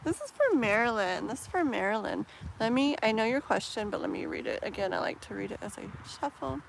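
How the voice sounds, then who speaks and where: A woman's voice: a little high, very animated, gravelly, background noise. Chatty woman doing live tarot. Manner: casual, filler-heavy, with soft laughs; slows down and muses while shuffling. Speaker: tarot reader. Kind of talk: live-stream tarot reading.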